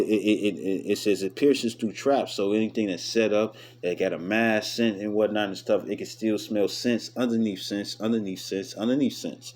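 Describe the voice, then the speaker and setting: A man giving casual scripture commentary, chatty and full of "you know what I'm saying", reading the verses aloud slowly and stumbling now and then. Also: lowish voice, darkish tone. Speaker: Bible study teacher.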